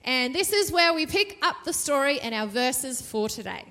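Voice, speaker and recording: A woman's voice: high voice, lively intonation, moderate pace, bright, forceful tone. A woman preacher giving a chatty, jokey sermon from a church stage, often asking the audience questions. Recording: reverberant church hall.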